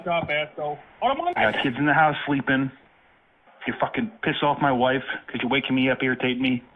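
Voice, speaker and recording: A man's voice: medium pitch, expressive, brisk. Man ranting profanely over a phone line. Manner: profane, threatening rant. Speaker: prank caller. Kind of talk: angry prank phone call.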